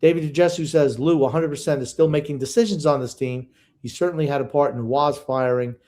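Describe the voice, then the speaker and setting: Older man, grumpy sports podcast co-host, fairly high voice, blunt and teasing. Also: fairly even intonation, fairly quick, a little mellow. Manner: gruff, opinionated, ribbing. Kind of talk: casual sports podcast chat.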